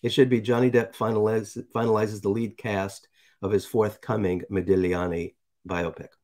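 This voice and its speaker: A man's voice: on the low side, little pitch movement, moderate pace, a little mellow. A man from New York hosting casual commentary, reading articles aloud and sarcastically nitpicking their grammar and pronunciation. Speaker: commentary host.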